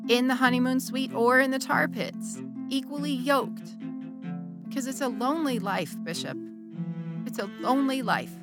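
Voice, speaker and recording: An actress playing a middle-aged churchgoing wife who confesses an affair to her bishop, wry and candid, with sudden bursts of feeling. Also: fairly high pitch. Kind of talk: dramatic monologue.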